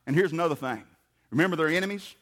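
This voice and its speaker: A man's voice: on the high side, rapid-fire, fairly bright tone. A man preaching a sermon in a folksy, emphatic way. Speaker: pastor.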